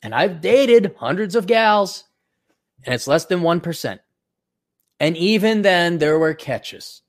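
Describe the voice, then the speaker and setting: A man's voice: sits high, animated, takes it slowly. A middle-aged man hosting a podcast, delivering an opinionated, sardonic monologue with mocking asides. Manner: sardonic, mocking, with put-on voices. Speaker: podcast host.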